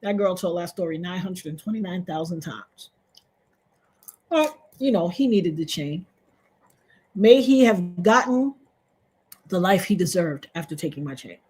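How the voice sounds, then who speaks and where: Husky-voiced woman telling a story with animation. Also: measured pace, long pauses. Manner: animated storyteller, acts out voices, jumps to loud high exclamations. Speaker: livestream host telling a story. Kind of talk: casual storytelling on a livestream.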